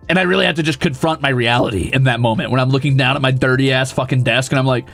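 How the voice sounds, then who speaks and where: Gravelly ranting young man streamer. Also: medium pitch, steady tone, fast talker, hardly any pauses, fairly bright tone, soft background music. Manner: ranting, profane, mock-exasperated. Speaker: streamer host. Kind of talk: casual chat reading viewer messages.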